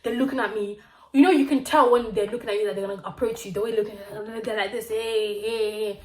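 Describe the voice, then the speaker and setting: A young woman from Zimbabwe, telling a story on her vlog in a lively, slangy way. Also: fairly high pitch, quick pace. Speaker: vlogger. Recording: roomy echo.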